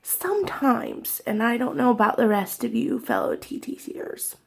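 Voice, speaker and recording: A young woman talking in an emotional personal vlog, halting and tearful, with many fillers and soft whispered stretches. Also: mid-range voice, big pitch swings, gravelly. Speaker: vlogger.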